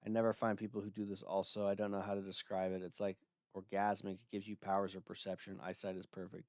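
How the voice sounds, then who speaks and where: A man's voice: low voice, monotone, quick pace, darkish tone, no room sound, studio quality. A man hosting a livestream, talking casually in a blunt, dismissive way with lots of filler words. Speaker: livestream host.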